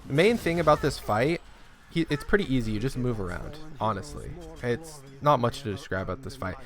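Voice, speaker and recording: A young man streams a game with casual, chatty commentary, relaxed and full of loose asides and laughter. His mid-range voice is brisk, with lively intonation.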